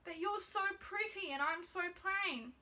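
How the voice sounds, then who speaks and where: A shy young man from a fairy tale who thinks himself plain, as a woman reads his part. He sounds modest and hesitant, in a very high, bright voice. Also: a little slow, exaggerated voice. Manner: modest, unsure.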